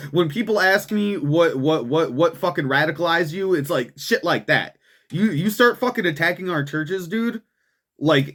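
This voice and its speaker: A man's voice: fairly high pitch, fairly bright tone. A man hosting an online commentary show, talking in an agitated, profane rant full of stumbling restarts. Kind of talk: heated political commentary.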